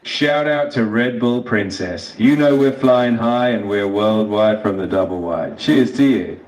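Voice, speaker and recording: Low, folksy chatbot man. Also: unhurried, darkish tone, echoey room, rough recording. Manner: folksy, easygoing, keeps calling people partner. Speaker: AI voice assistant. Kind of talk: scripted chatbot replies.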